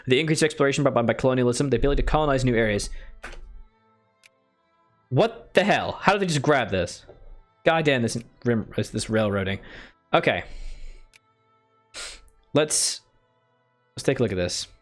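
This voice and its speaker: A man's voice: medium pitch, animated, moderate pace, long pauses, faint music behind. A man giving casual commentary while playing a strategy game, thinking aloud and scolding himself. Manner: muttering, self-deprecating, thinking aloud. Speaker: strategy game let's player.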